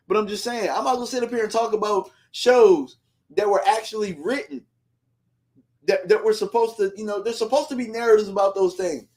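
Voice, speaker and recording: A man hosting a fan livestream, ranting heatedly in slangy casual talk and reading out viewer comments. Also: high voice.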